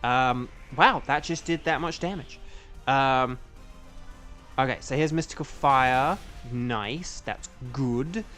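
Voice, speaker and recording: A man who voices games, streaming a game and chatting casually, thinking aloud and breaking into loud playful outcries. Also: mid-range voice, slow pace, soft background music. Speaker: streamer and voice actor.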